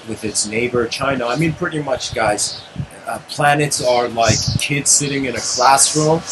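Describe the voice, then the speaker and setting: A man's voice: medium pitch, background noise. A man giving a casual storytelling lecture, rambling with fillers and asides.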